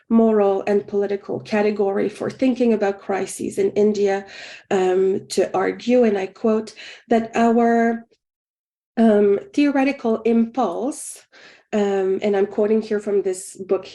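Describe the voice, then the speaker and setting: A woman with a sick voice delivers a careful academic conference talk over a video call. Her tone is mellow and dark, measured from point to point. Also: medium pitch. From Canada. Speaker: academic speaker.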